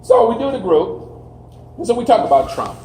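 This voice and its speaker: Brief: man in his 60s, counselor lecturing, high-pitched folksy storytelling, roomy far-off sound with light noise. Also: big pitch swings, moderate pace, dark tone. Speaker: group counselor. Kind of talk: talk to an audience. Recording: echoey hall, voice heard from afar.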